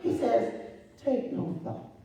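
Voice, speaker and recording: A man's voice: slow pace, noisy background. A man preaching a sermon, drawing the congregation in with rhetorical questions. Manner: rhetorical, asks the congregation "huh?". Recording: echoey church from far off.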